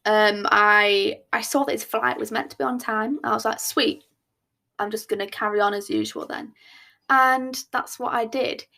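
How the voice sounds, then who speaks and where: Chatty woman with vocal fry. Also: a little high, normal speed. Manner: chatty, expressive, self-mocking storyteller. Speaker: podcast host. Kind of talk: casual storytime chat.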